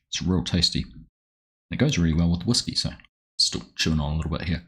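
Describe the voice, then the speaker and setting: Deep-voiced New Zealand man streaming games. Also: fairly quick. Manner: friendly, rambling, greets viewers by name. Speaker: game streamer. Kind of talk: casual live-stream chat.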